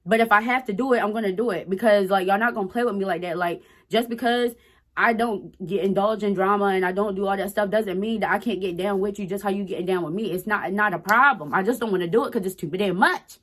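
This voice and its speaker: A woman's voice: medium pitch, steady tone, quick pace, fairly bright tone. A woman in her twenties telling a personal story to her viewers in a blunt, profane, emphatic way. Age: 20s. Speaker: storytime vlogger. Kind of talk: casual storytelling to camera.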